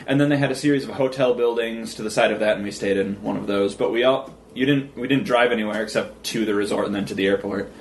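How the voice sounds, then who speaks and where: A podcast co-host talking in a relaxed, rambling way, agreeing easily and explaining at length. The voice has an ordinary middle pitch. Faint background hiss runs under the recording. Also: fast talker, few pauses. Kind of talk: casual chat.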